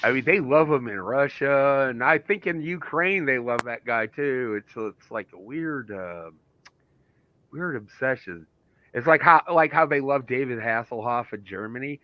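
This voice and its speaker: A man's voice: medium pitch, animated, a little slow, lo-fi sound. A man hosting a casual podcast chat, reading out viewer comments, laughing often and restarting his sentences.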